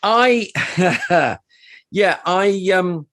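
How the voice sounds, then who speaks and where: Lively man telling a story. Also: high-pitched, drawn-out words. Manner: animated storytelling with restarts. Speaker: podcast co-host and touring performer. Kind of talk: casual podcast chat.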